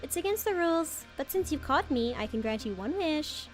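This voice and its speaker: A woman's voice: high voice, expressive, moderate pace, faint music behind, pitched above the performer's own voice. A woman reading the lines of a sly, mischievous male alien gardener in a game, with a playful, purring delivery. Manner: purring, playful, odd stress on words.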